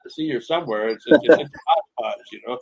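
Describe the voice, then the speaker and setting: A man's voice: mid-range voice, racing, a loud crowd, low-quality recording. Chatty male radio host. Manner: enthusiastic, chatty, many repeated words. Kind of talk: casual radio interview.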